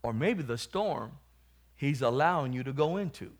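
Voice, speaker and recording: A man preaching, telling his own testimony and rising from quiet storytelling to loud calls to the congregation. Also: mid-range voice, expressive, normal speed. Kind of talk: testimony sermon.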